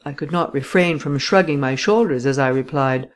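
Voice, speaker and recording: A woman narrating a classic story in the first person, with an expressive delivery. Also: very deep voice, normal speed, hardly any pauses. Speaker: audiobook narrator.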